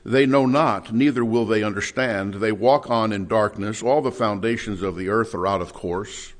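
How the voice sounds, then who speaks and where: A man's voice: fairly low pitch, moderate pace. A man preaching an expository Bible sermon, reading scripture aloud and asking rhetorical questions with rising emphasis.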